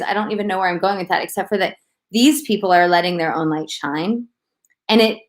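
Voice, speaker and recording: A woman co-hosting a casual chat, talking in an animated, rambling way and often laughing. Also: medium pitch. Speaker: co-host.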